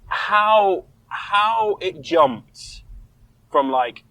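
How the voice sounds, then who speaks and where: A man co-hosting a casual podcast chat, animated and sweary, acting out quotes in mocking voices. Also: high voice, extremely slow, dry recording, poor audio. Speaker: podcast co-host.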